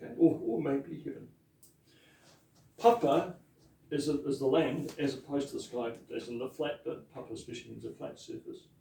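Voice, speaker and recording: A man, a pastor teaching te reo Māori in a chatty lesson, with laughing asides and slow repeated words to drill pronunciation. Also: mid-range voice, gravelly, mellow, recorded from a distance. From New Zealand. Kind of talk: informal language lesson. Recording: echoey room, voice off mic.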